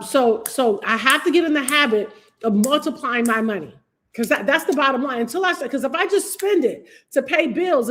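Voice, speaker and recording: A woman's voice: high voice, a bit bright. A woman teaching real estate investing on a live stream, emphatic and repetitive, calling on viewers by name. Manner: emphatic, repeats key phrases, addresses viewers by name.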